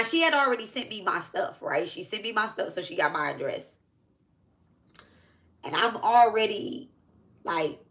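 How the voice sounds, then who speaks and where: Bright-voiced woman telling a profane story. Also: mid-range voice. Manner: profane, emphatic, repeats herself. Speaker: spiritual reader and vlogger. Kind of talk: casual storytelling monologue.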